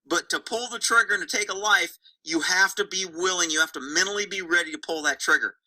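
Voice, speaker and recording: Horse trainer pausing a video to break it down, punchy folksy talk, super bright sharp voice. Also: mid-range voice, rough recording. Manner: emphatic, repetitive, folksy slang. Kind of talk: narrated video commentary.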